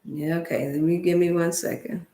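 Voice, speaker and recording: A woman's voice: lowish voice, fairly even intonation, moderate pace, mellow. Woman livestream host, Black dialect, emotional and preachy, talking at home into an echoey room. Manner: emotional, preachy, speaks to viewers as family. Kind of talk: casual livestream talk to viewers. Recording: roomy echo.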